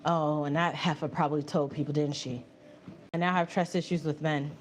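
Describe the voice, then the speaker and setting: A woman hosting a live stream, chatting casually with viewers while walking on a treadmill, animated and often laughing. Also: low voice, brisk, slight background noise. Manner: animated, laughing, reads viewer messages aloud and answers them. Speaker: livestream host reading chat. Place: home, indoors on a treadmill.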